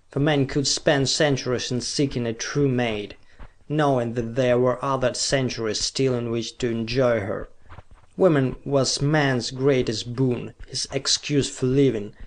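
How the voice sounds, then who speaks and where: Man narrating pulp fiction steadily. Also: mid-range voice. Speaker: audiobook narrator.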